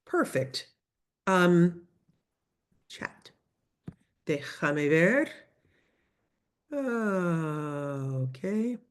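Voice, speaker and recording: A woman teaching a lively online language lesson, coaching students through phrases over a video call. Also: on the low side, normal speed. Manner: lively, coaching, switches between English and Spanish phrases. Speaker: Spanish teacher.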